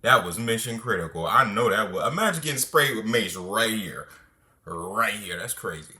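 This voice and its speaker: Bright-voiced man reacting in disbelief. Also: on the low side, animated, moderate pace. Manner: incredulous, joking interjections. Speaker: reaction commentator. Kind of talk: reacting to a clip.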